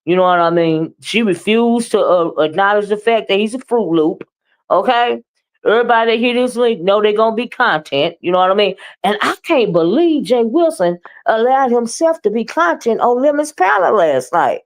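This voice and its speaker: A woman's voice: on the high side, lively intonation. Sassy woman hosting a gossip stream. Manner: sassy, drawn-out, emphatic. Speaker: live-stream commentary host. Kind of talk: casual gossip commentary.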